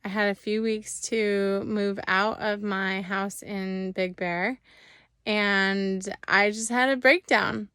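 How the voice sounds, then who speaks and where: Woman, smooth clear voice, slow gentle pace, dry close sound, casual intro. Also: mid-range voice, steady tone, no echo. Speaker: host introducing her video.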